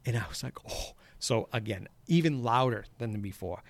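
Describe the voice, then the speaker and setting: A golf course superintendent tells a rambling story in casual chat, swearing freely and acting out shouted quotes with animated energy. His gravelly voice sits at an ordinary middle pitch and moves at a moderate pace. The recording is close and dry, with no echo or room sound.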